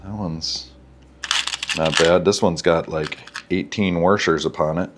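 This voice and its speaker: Brief: very low-voiced male shop vlogger, stuffy nose, rambling candid storyteller. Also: steady tone, measured pace, very noisy. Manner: rambling, candid, profane asides. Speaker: bike shop owner and vlogger. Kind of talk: casual storytelling while working on a bike. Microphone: wireless clip-on mic.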